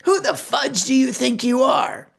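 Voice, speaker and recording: A woman voicing a furious young mother who yells at a stranger in shrill bursts. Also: steady tone, a little slow, creaky, heavily acted. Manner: shrill yelling.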